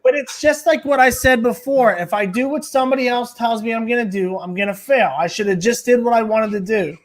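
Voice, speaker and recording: A man's voice: extremely high pitch, a little fast. A man, a stand-up comedian and podcast guest, telling a story in casual, rambling, profane chat full of filler words.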